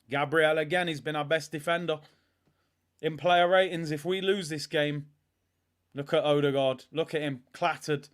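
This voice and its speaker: Exasperated high-voiced football fan ranting. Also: male voice, clean tone. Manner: exasperated, ranting, swings between mutters and shouts. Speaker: host of a live football watch-along. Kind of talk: live match watch-along commentary.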